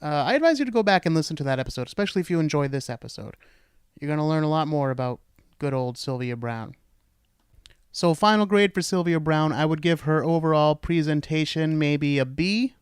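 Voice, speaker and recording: A man's voice: on the high side, lively intonation, a little fast, clear, resonant tone, dry recording, studio quality. A man hosting a podcast, giving blunt, sarcastic commentary. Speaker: podcast host.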